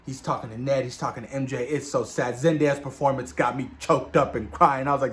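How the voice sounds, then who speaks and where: Male movie reviewer, average pitch, energetic, retells scenes with quick character impressions. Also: slight background noise. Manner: swears casually. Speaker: movie discussion host. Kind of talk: casual spoiler review.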